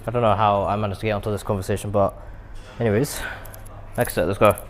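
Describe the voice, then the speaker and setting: A young British fitness vlogger chats casually to his viewers between sets in an indoor gym. His voice is lowish and steady, he talks fast, and he rambles with self-deprecating asides.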